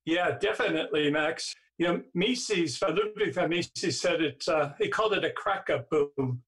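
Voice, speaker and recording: A male guest answers interview questions in a measured, serious tone. His voice is somewhat husky and sits a little high. He speaks steadily and without hurry. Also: a bit bright.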